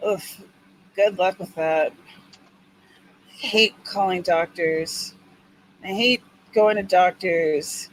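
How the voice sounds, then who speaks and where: A woman's voice: lowish voice, slow, long pauses, poor audio. Woman host, casual chat, teasing, faint background hiss. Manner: chatty, teasing, animated storytelling. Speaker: writing livestream co-host.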